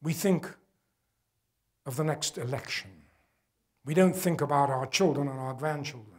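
An older man giving a public lecture, earnest and emphatic, dropping his voice low to press home a point. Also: moderate pace. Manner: earnest, emphatic, drops to quiet for weight. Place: gala event hall.

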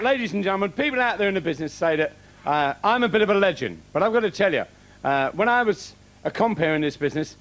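A man's voice: sits high, expressive, fast talker, crowd noise, noisy background. An older man compering a comedy show, boastfully building up the next act in a showbiz manner. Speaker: television compere. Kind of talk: show introduction.

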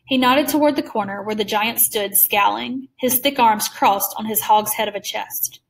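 A woman reading a story aloud in a measured way, slowing down for suspense. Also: mid-range voice, gravelly, recorded from a distance. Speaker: reader. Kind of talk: read-aloud story narration.

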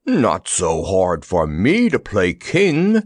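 A man voicing a big gentle male lion in a storybook reading, slow and wheezing. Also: sits low, huge pitch swings, no room sound, heavily acted. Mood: proud.

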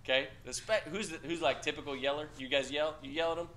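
A man's voice: fairly high pitch, steady tone, quick pace, a bit bright. A man teaching a class, talking bluntly and casually with profanity, quizzing students in a discussion. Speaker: instructor.

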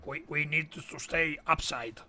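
An Italian man chatting while gaming, in halting broken English with many pauses. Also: a little high, bright, forceful tone. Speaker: gaming YouTuber. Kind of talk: casual game chat.

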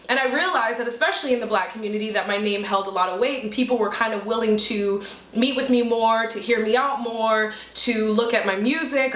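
A young woman, a singer and comedian, talking candidly about her name in an interview, acting out the people she quotes. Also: a little high. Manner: animated, acts out quoted people. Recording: roomy echo.

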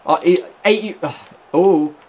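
A young man commentating on his own gameplay, bantering at opponents, now and then shouting and laughing. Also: high voice, takes it slowly, breathy edge. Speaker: gaming YouTuber.

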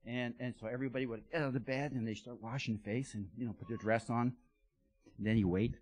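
A man's voice: fairly low pitch, a little fast. A man giving a playful children's talk at a church service, asking the kids lots of questions. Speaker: guest speaker giving children's blessing. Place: church sanctuary.

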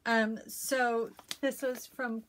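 A woman's voice: fairly high pitch, flat delivery, very slow, a bit bright, slight background noise. A middle-aged woman chatting casually in a show-and-tell vlog about stitching gifts, effusive and full of fillers, filmed at home. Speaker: cross-stitch vlogger. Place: at home, in a messy room. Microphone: camera she turns around while talking.

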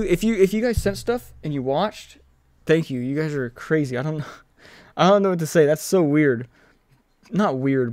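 A young man streaming a video game, chatting casually with viewers, excitable and swearing freely, yelling when the action heats up. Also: a little high, no room sound, clean studio sound. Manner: excitable, swears freely, yells during fights. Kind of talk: casual live-stream chat and gameplay commentary.

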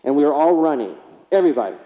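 Fairly high and dark-toned, his voice swings widely in pitch as he speaks rapid-fire. He's delivering a conference keynote in a big hall, mixing funny stories with rhetorical questions, recorded from a distance with dull reverb.

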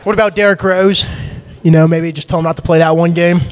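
A man with a notably high voice hosts a casual comedy podcast. He asks the questions and runs the segments in an upbeat, easygoing way, laughing easily along with his guest. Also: steady tone, quick pace. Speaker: podcast host.

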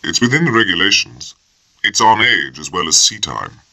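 Even, stubborn young officer, read by a male narrator, deep and gravelly. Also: normal speed, full character voice, poor audio. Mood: calm.

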